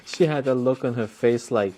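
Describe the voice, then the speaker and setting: A man's voice: mid-range voice, mellow. A man doing casual work commentary on a hobby project, rambling and joking between mumbled remarks about the work. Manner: rambling, joking storyteller who mutters while working. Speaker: watch hobbyist. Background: faint sanding and rubbing.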